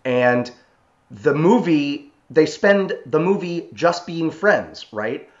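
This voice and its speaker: A young man co-hosting a podcast, speaking haltingly with fillers and repeated starts. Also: on the high side, expressive, dull audio. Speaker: podcast co-host. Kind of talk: casual chat.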